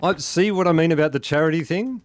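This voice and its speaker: A man's voice: a little high, quick pace. A man chatting casually and joking with viewers as he plays a game on a live stream, often laughing at his own jokes. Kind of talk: casual live-stream commentary while playing.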